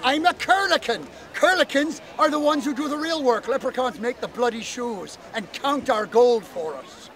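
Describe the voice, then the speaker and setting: A man voicing a bossy, sharp-tongued female fairy who mocks the mortals in her circle. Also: extremely high pitch, lively intonation, moderate pace, few pauses. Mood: scornful. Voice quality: scornful, brassy.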